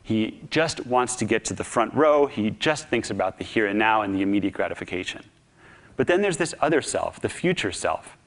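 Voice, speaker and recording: A man's voice: fairly low pitch, normal speed. Man giving a humorous storytelling talk. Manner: animated storytelling, humorous, conversational. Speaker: speaker. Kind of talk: public talk.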